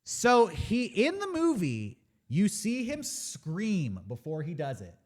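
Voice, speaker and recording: A man hosting a casual movie podcast, retelling a story with animated energy and acted-out quotes. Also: sits high, slow pace. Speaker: podcast host.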